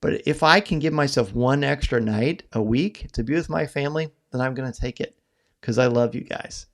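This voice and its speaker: A middle-aged man hosting a live podcast stream, talking earnestly and haltingly, choked up at times. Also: mid-range voice. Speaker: podcast host. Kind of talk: emotional live-stream farewell talk.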